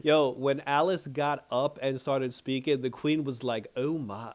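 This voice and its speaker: A man's voice: medium pitch, normal speed. A man casually recapping a drama episode. He swears freely, laughs often and acts out the characters' lines in playful voices. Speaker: TV show reviewer.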